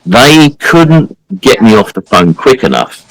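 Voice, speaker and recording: A man's voice: on the low side, big pitch swings, a little slow, a bit bright, poor audio. A man co-hosting a podcast, telling a story in a casual, emphatic way and acting out the people he quotes. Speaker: podcast co-host.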